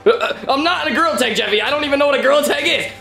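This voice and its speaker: A man plays a worn-out, exasperated father with a high, gravelly voice that swings up and down. He stammers and scolds, with music playing behind him. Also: very fast, bright, forceful tone, full character voice. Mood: scolding. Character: weary, exasperated middle-aged father.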